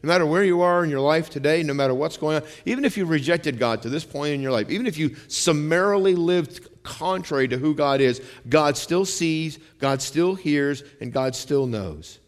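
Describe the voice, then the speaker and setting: A male pastor preaching a sermon in a conversational style, dropping low and quiet for some lines and rising for emphasis, asking the congregation for amens. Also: moderate pace, hardly any pauses. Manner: conversational preaching, calls out amen; shifts between quiet low lines and raised emphatic ones. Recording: long hall reverb.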